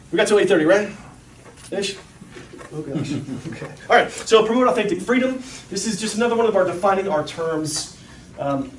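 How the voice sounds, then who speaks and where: A man with a high voice gives an animated talk to an audience of parents and acts out the people in his stories. He is picked up from a distance in a large, echoey room, with faint room noise behind him. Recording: echoey room, mic far off.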